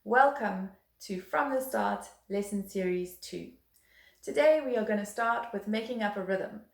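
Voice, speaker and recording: A woman's voice: medium pitch, measured pace. A woman teaching a beginner violin lesson, patient and encouraging, counting rhythms aloud. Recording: roomy echo.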